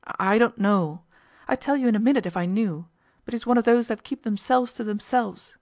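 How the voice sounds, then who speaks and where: A woman's voice: fairly high pitch, normal speed, a little mellow, pitched above the performer's own voice, close to an everyday voice. A woman reading the part of a frightened, evasive woman who answers in a quavering, dogged, defensive way. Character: frightened, evasive lodging-house woman, stubborn.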